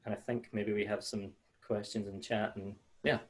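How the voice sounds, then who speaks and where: This is a malt sales manager running an informal video-call webinar. His fairly low voice barely moves in pitch and keeps a moderate pace, while his friendly, chatty style is peppered with fillers and false starts.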